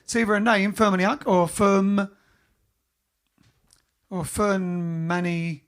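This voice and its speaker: A man's voice: high voice, fairly even intonation, takes it slowly, fairly bright tone. A man from England hosting a live stream, chatting casually and reading out viewer comments with jokes. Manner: chatty, jokey, reads comments aloud.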